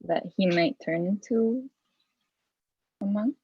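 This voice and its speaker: A woman's voice: medium pitch, takes it slowly, breathy edge, muffled recording. A woman student answering a question tentatively, with rising intonation, heard from off-mic.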